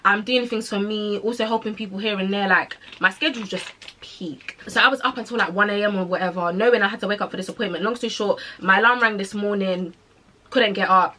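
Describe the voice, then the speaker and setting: Fast-talking young British woman. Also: mid-range voice, fairly even intonation, bright, forceful tone, slight background noise. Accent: British, London slang. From United Kingdom. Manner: chatty, slangy, addresses listeners as guys. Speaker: podcast host. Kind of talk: casual storytelling chat.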